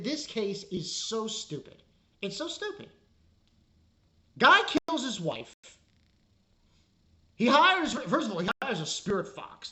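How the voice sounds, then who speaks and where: A woman's voice: medium pitch, pushed and bright. An exasperated woman tears into an anime episode in a casual spoken review. Her voice leaps up and down as she vents, swearing freely and sounding fed up.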